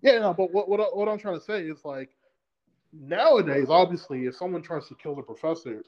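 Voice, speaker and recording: A man's voice: a little high, animated, a little fast, muffled recording. A man co-hosting a podcast in casual chat, rambling with many fillers and restarts. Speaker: podcast co-host.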